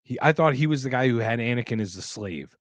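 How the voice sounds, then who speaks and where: A man hosts a casual livestream podcast and answers chat questions in a loose, joking ramble full of restarts. He talks at a middle pitch into a close microphone. The sound is dry and close. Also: animated, quick pace, no room sound. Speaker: podcast host.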